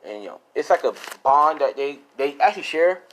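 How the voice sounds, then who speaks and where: A man's voice: fairly high pitch, animated, brisk, rough recording. A young man improvising a fan-fiction story in a loose, rambling, casual way with lots of fillers and swearing.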